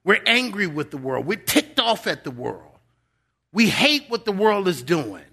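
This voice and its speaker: Bright-voiced, emphatic male preacher. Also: high voice, sing-song, unhurried, creaky. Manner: earnest and emphatic, dropping to a soft voice for quotes; repeats words when building up a point. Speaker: guest pastor. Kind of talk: sermon.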